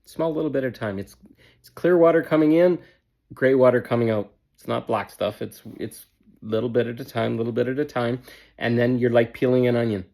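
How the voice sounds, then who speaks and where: A man's voice: mid-range voice, a little fast, creaky, warm tone. Emphatic blunt self-help man. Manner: emphatic, repetitive, blunt with casual swearing. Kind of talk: motivational self-help talk.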